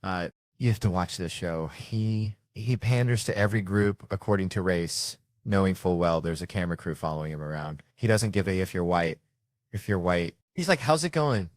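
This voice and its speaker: A man performing an animated, profane stand-up comedy routine on a handheld stage microphone. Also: low-pitched, normal speed, no room sound.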